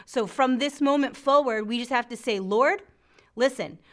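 A woman's voice: a little high, moderate pace. A middle-aged woman hosting a faith show, teaching from the Bible with lots of laughter and acted-out voices. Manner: laughs often, acts out scripture voices. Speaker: faith podcast host.

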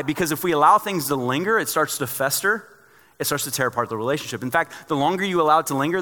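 Bright-voiced preacher in a reverberant hall. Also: male voice, on the high side. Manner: conversational preaching with joking personal asides. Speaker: pastor. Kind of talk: sermon.

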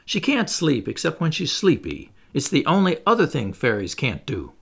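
A cocky young boy leader, put on by a male storybook reader, brisk and boastful, giving orders with relish. His voice bounces up and down lively and carries a slight gravelly edge. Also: on the high side, full character voice. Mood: stiff.

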